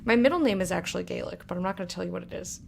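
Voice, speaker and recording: A woman's voice: fairly low pitch, racing, gravelly, a little hiss or hum. A woman playing a game and commenting in a chatty, joking, self-mocking way. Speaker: streamer. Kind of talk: gameplay commentary.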